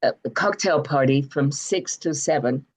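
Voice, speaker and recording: Older English woman with a low voice. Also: moderate pace, breathy edge. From Bristol, England. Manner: rambling, hesitant, warm anecdotes with many fillers. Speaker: guest. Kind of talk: interview storytelling.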